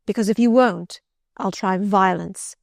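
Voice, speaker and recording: A woman reading an audiobook, voicing a passionate, brooding middle-aged gentleman who pleads and commands urgently. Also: mid-range voice, unhurried, gravelly, dry recording, studio quality. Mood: intense.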